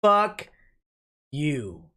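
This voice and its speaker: A man's voice: fairly high pitch, very animated, very slow, bright, forceful tone. A drunk man hosting a late-night livestream, ranting angrily and swearing a lot. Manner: angry, profane ranting. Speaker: livestream host.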